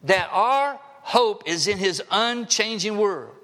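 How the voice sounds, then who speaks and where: A man's voice: sits high, expressive, takes it slowly, pushed and bright. A man in his sixties preaching a sermon in a church sanctuary, conversational with wry asides. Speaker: pastor. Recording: long hall reverb.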